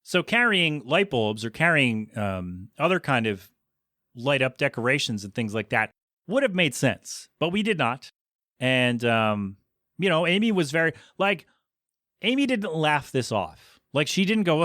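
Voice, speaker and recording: A podcast host telling a story in a casual, animated way and acting out the voices of the people in it. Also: male voice, fairly high pitch, normal speed, no room sound, studio quality.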